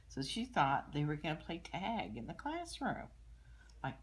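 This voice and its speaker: Low-voiced older woman reading a storybook. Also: sing-song, a little slow, husky. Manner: gentle, explaining pictures, drops to soft asides. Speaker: grandmother reading to children. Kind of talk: storybook read-aloud with commentary.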